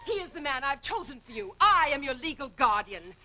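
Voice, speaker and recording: An actress playing a pompous, domineering aunt and guardian in a stage musical, grand and theatrical. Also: female voice, high voice, big pitch swings, a little fast, pushed and bright, slight background noise, full character voice. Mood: imperious. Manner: grandly theatrical, haughty and scolding.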